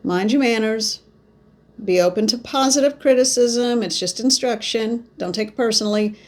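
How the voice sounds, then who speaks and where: A woman's voice: on the high side, moderate pace. Woman giving a spoken card reading. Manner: musing, talks through her cards aloud. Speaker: psychic card reader. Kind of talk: spoken tarot reading to viewers.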